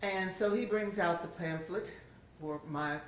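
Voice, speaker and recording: A woman's voice: lowish voice, measured pace, a little hiss or hum. Older woman telling a homey church testimony. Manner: homey, chatty, laughs often. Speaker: church speaker giving a testimony. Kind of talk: personal testimony storytelling. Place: church sanctuary. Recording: roomy, distant church sound.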